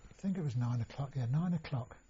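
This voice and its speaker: Older man, husky voice, mellow tone, rambling with fillers, interviewee, dull lo-fi recording. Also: medium pitch, quick pace. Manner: rambling, many restarts and fillers. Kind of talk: oral history interview.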